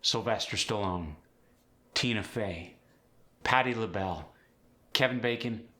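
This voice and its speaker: A man teaching an accent as a coach, explaining clearly and demonstrating sounds in an instructive way. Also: on the low side, unhurried, sharp tone. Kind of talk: accent tutorial.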